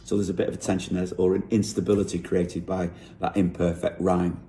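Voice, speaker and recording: A songwriter explaining how he wrote a song lyric. He thinks aloud in an unhurried way and often corrects himself. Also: low-pitched, flat delivery, dark tone, a little hiss or hum.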